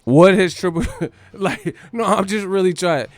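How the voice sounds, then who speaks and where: A man with a high voice speaks a little slowly on a dry recording as he hosts a boxing livestream. The Californian is brash and profane in his casual rant, riffing hard and breaking into laughter and song.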